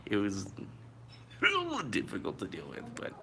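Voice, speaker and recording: A man's voice: on the low side, huge pitch swings, moderate pace, vocal fry, bright, forceful tone. A man telling a story to his viewers in a casual, rambling way, full of fillers and a little out of breath. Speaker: vlogger.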